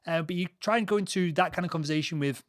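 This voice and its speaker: A man hosting a podcast, telling anecdotes in a relaxed conversational way. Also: on the high side, fast, no room sound, clean studio sound. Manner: tells anecdotes from his sales past. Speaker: podcast host. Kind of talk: conversational interview. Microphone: studio mic.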